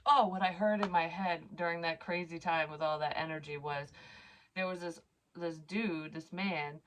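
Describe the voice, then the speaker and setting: A woman's voice: fairly low pitch, steady tone, normal speed, slight background noise. A woman telling a personal story in a casual, rambling way, blunt and full of swearing and asides. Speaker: psychic medium vlogger.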